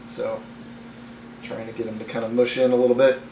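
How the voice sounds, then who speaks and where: A man's voice: mid-range voice, normal speed. A man hosting a home cooking vlog, talking casually and loosely with lots of fillers and restarts. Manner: relaxed and rambling, many fillers and restarts. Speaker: home cooking channel host. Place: home kitchen. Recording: echoey kitchen, mic at a distance, audible noise.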